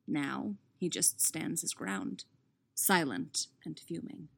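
A woman reading fan fiction aloud in a steady, expressive narration. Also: low voice, slow pace, creaky, husky. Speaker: audiobook reader.

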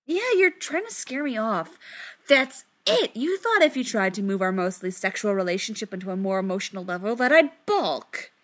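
A woman voicing an anxious, excitable man who gets close to hysterical when flustered. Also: extremely slow, no echo, exaggerated voice. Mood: agitated. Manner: high-strung, rising to near-hysterical.

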